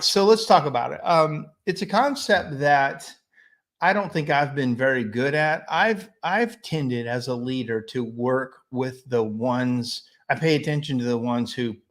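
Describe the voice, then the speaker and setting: A man from the United States hosts a weekly live stream and speaks in a loose, rambling monologue. He sounds opinionated and talks straight to his viewers. His voice sits at an ordinary middle pitch. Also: a bit bright. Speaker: host of a weekly live business show, chimney sweep.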